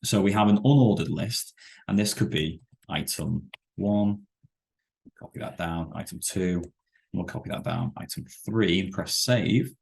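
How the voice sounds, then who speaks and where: Deep gravelly guy teaching code over screen share, lots of uhs and restarts. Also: darkish tone. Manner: halting, self-correcting explanations with many fillers. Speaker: web development instructor. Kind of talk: screen-share coding tutorial.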